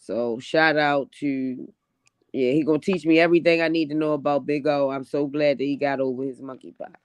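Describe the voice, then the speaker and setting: A woman comedian from Baltimore, chatting casually on a podcast, laid-back with frequent pauses. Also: sits low, steady tone, no room sound. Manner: laid-back, hesitant with fillers. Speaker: comedian guest.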